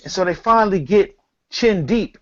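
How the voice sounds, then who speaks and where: A man co-hosting a casual talk show, telling a story in an animated, slangy, profane way. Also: sits high, normal speed, highs cut off. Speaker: podcast co-host.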